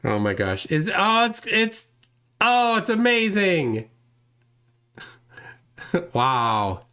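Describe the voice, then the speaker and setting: A man's voice: high-pitched, very animated, drawn-out words, pushed and bright, clear, resonant tone. A man hosting a live stream debate, exasperated and mocking toward his guest. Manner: exasperated, laughs at clips. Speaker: channel host.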